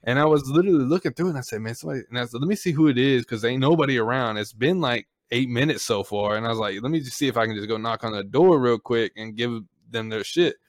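A man hosting a casual podcast, telling stories with heavy swearing and lively ups and downs. His voice is recorded dry and close, with no room around it. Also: medium pitch, quick pace, hardly any pauses, no room sound. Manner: animated storytelling, heavy cursing. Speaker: podcast host. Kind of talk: casual chat.

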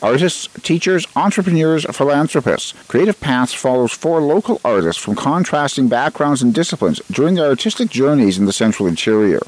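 A man behind a community radio microphone, reading local notices and then drifting into loose, rambling chat. He pauses with fillers and restarts sentences as he goes, in an ordinary mid-range voice. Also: mid-range voice, animated, low-quality recording. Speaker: radio host. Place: radio studio.

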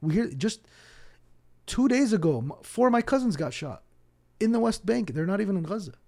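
Mellow, higher-voiced Palestinian-born imam. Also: male voice, fairly quick. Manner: animated storyteller who acts out dialogue; repeats words as he restarts. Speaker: imam and podcast guest. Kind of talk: casual storytelling interview.

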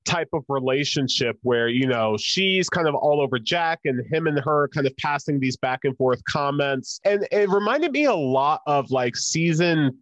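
A man's voice: a little high, lively intonation, normal speed, hardly any pauses, dry recording. A young adult man co-hosting a podcast, chatting casually with blunt, opinionated jokes. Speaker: podcast co-host. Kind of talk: casual rewatch podcast chat.

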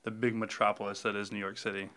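A man's voice: fairly low pitch, fast. A man with a Southern accent, chatting casually and telling stories with energy. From Birmingham, Alabama. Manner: animated storyteller. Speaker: bartender, bar owner. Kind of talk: casual chat.

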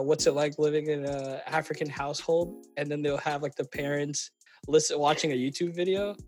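A young man born in Kenya hosting a podcast, telling animated stories in a casual chat with lots of fillers. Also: on the high side. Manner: animated storyteller, acts out quoted voices, frequent fillers. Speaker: podcast host.

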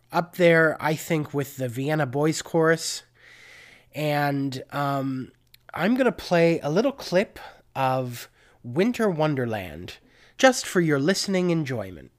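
A young man hosting a solo podcast, talking in a rambling, chatty way and often correcting himself. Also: a little high. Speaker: podcast host. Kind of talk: casual solo monologue.

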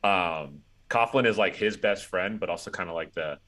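Very deep-voiced man in casual chat. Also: normal speed, a bit bright. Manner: rambling, heavy on "like" fillers.

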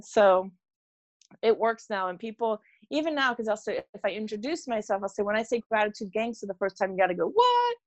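Dry, close and free of room echo, the medium-pitched voice belongs to a middle-aged former teacher guesting on a podcast. She speaks fairly quickly, acting out the voices of characters in her conversational stories, and the audio is dull.

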